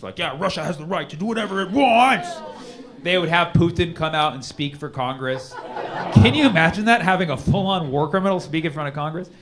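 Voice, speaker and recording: Rambling stand-up comic man. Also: on the high side. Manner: rambling, conversational, frequent restarts. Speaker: stand-up comedian. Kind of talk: stand-up set.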